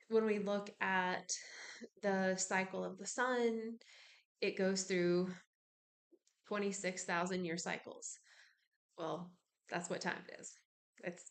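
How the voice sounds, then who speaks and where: Rambling woman musing on spiritual ideas. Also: medium pitch. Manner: meandering, with many fillers and digressions. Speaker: spiritual practitioner. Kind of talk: casual spiritual musing to camera.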